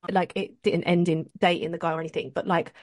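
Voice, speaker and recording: A woman co-hosting a podcast, reacting to a friend's story with quick gasps and short exclamations. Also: fairly low pitch, little pitch movement, dry recording, studio quality. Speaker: podcast co-host. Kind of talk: casual chat.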